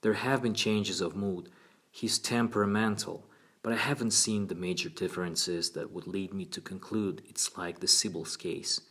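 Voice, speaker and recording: A man's voice: low-pitched, fairly even intonation, moderate pace, a bit bright, breathy edge, full character voice. A man voicing a thoughtful woman public defender in an audiobook reading.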